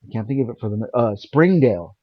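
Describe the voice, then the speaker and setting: A man telling a personal story in casual conversation as a guest, rambling and animated. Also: medium pitch, fast talker, no echo. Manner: rambling, animated, acts out quoted voices. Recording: dull, lo-fi and dry.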